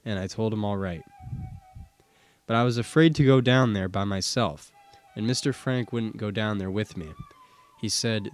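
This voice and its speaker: A man with a fairly low voice reads old court testimony in the first person, in the unhurried manner of an audiobook narrator. His delivery stays steady and measured, and faint music sits quietly behind him.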